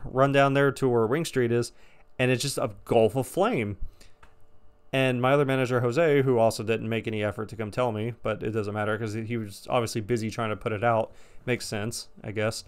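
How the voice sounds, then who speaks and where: A man telling a casual story to camera, animated and exasperated, swearing often. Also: medium pitch, clean tone. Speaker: storytime vlogger.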